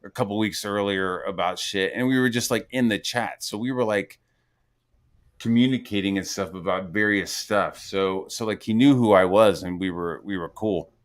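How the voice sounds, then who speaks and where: In casual podcast chat, a host in his forties speaks with a fairly low pitch at a moderate pace. His long story rambles, laced with swearing and heavy "like" fillers, as he plays out what others said.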